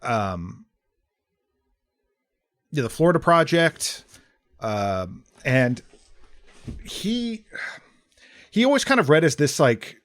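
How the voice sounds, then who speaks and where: A man co-hosting a podcast, discussing a film in a measured, wry way with frequent fillers. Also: fairly high pitch, very animated, fairly bright tone. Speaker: podcast co-host. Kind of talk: casual film review chat.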